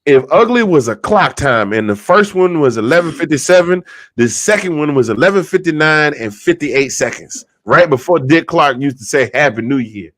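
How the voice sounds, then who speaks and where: A man on a football roundtable show telling a long comedic story, animated and rambling, repeating himself for effect. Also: on the high side, normal speed, dry recording. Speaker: regular segment host telling a joke.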